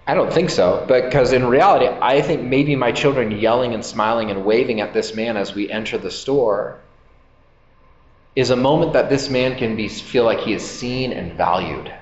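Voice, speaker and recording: A man's voice: mid-range voice, moderate pace. A man preaching a sermon as a pastor, talking in a loose, conversational way and acting out the voices of the people in his stories. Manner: conversational, acts out quoted voices. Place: church hall. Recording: echoey hall, slightly dull sound.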